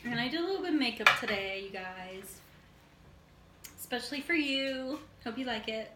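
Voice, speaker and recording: A woman's voice: on the high side, expressive, moderate pace. A young woman co-hosting a mukbang from a home dining table, chatting casually and giggling between jokes. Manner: giggly, joking. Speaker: mukbang co-host. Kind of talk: casual chat while eating. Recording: echoey room, noisy background.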